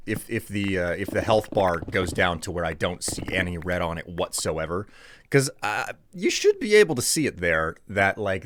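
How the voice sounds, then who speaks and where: Laid-back lower-voiced male streamer. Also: fairly bright tone, slight background noise. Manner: rambling, self-correcting, chuckling. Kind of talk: laid-back live-stream chat while gaming.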